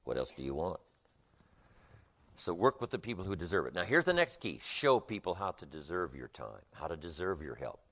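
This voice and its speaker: Emphatic motivational speaker, lively low voice. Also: male voice, normal speed. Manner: emphatic, repetitive, rhythmic delivery. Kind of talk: motivational seminar lecture.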